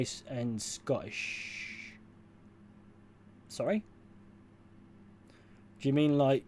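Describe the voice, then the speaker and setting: A man's voice: mid-range voice, mellow, a little hiss or hum. A man from southwest England with a mostly received pronunciation accent touched by West Country and Northern sounds, casually answering viewer questions, rambling and correcting himself. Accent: English, received pronunciation with West Country and Northern touches. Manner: rambling, self-correcting, chuckles often. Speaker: streamer reading chat.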